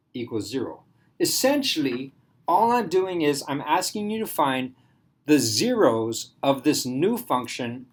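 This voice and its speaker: Male math teacher, relaxed classroom lecture, thinks aloud and checks in with students often. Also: medium pitch. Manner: casual, thinks aloud, asks the class questions.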